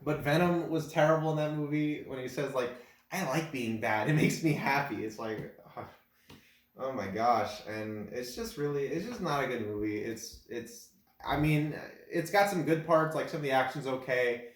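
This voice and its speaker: A man in casual chat ranking films, rambling with many fillers and breaking into loud incredulous laughter. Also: mid-range voice, expressive, moderate pace. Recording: echoey room.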